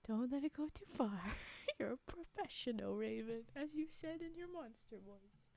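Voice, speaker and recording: A woman hosting a livestream in casual chat, giggling often and rambling, with frequent drops into a breathy whisper. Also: sits high, animated, normal speed, dark tone. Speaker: livestream host.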